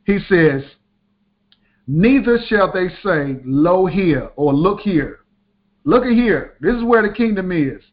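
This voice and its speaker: A man's voice: sits high, expressive, takes it slowly. A male preacher giving a sermon, emphatic and repeating his key lines for the listeners. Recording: dull lo-fi sound.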